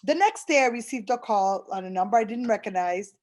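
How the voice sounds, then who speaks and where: A woman's voice: mid-range voice, expressive, a little fast, darkish tone. A middle-aged woman giving an earnest personal testimonial, retelling conversations with fillers and restarts. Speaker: program client giving a testimonial.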